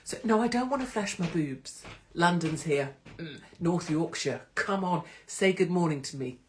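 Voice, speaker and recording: A woman's voice: fairly low pitch, animated, moderate pace, slight background noise. A woman hosting a casual live stream from her phone, irreverent and sweary, slipping into mocking voices. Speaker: host of a live social media stream.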